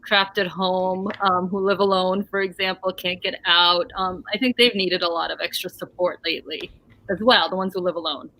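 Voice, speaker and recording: Bright-voiced woman on a panel call. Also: fairly low pitch, steady tone, normal speed, rough recording. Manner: concerned, conversational. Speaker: panelist therapist. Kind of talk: casual panel discussion. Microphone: video call.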